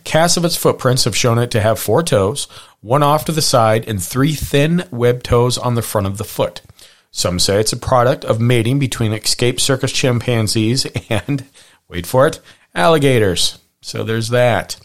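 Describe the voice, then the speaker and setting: A man's voice: medium pitch, normal speed. Easygoing man rambling through notes. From Pacific Northwest. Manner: rambling, wry asides, many fillers. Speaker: podcast host. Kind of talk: casual chat reading from notes.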